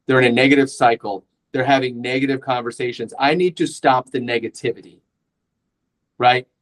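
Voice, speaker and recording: A man's voice: mid-range voice, fairly even intonation, a little fast, poor audio. A man giving an informal sales training talk, conversational, often checking in with "right?" and restarting his sentences. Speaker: real estate sales trainer.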